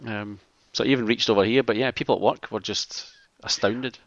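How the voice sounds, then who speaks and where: A man's voice: on the low side, fairly even intonation, fairly quick. A middle-aged man co-hosting a casual podcast, rambling with joking asides. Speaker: podcast co-host. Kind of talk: casual chat. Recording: dull lo-fi dry sound.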